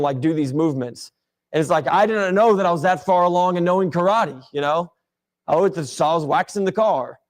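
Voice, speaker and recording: A man with a fairly high voice leads a Bible class in a church classroom. His talk is loose and conversational, full of fillers and restarts, circling around as he explains. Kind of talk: casual Bible class discussion.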